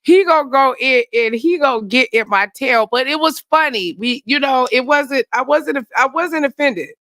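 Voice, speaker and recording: A woman with a high, bright voice hosts her own live chat, recorded dry and close. She speaks haltingly, restarting her sentences as she reflects. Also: no echo. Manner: hesitant, halting, self-reflective. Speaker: channel host.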